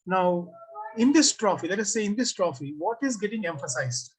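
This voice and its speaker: A design teacher runs an online class review over a computer mic on a video call. The voice is a little husky and sits at a middle pitch. The teacher keeps asking the class questions and reads out what students type in. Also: expressive, normal speed, low-quality recording.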